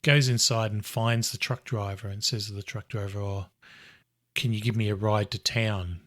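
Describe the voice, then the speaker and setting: A man hosting a podcast, calmly recapping a film's plot scene by scene. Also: lowish voice, normal speed. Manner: relaxed, recaps the plot step by step. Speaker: podcast host. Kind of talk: casual film discussion.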